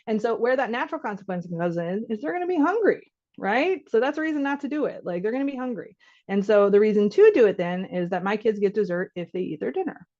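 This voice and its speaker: A woman physician in her thirties giving a conversational workshop talk to caregivers, lively and laughing as she acts out parent and child exchanges. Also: fairly high pitch. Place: online workshop. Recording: slightly dull lo-fi audio.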